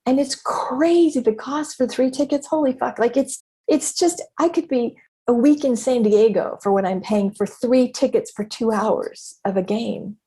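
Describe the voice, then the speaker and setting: A woman's voice: fairly high pitch, measured pace, warm tone, breathy edge. A middle-aged woman hosting a podcast, talking candidly and expressively and swearing freely as she reflects. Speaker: podcast host and business mentor. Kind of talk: casual spoken reflection.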